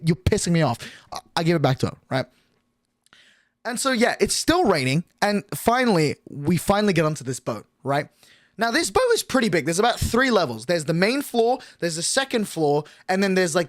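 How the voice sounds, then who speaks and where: A man's voice: fairly high pitch, no room sound, studio quality. A male streamer telling a story in a rambling, casual way, full of fillers and swearing.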